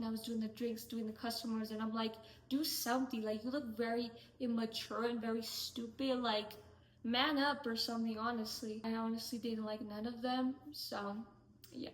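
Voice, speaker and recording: A young woman vlogger telling a storytime rant about her coworkers, exasperated and chatty, with lots of "like"s. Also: fairly high pitch. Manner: exasperated, fast and chatty, many "like"s. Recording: echoey room.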